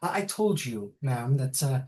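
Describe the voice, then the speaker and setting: A man's voice: mid-range voice, very animated, unhurried, darkish tone. Man as a hesitant, deferential noblewoman. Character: polite young noblewoman, apologetic sister.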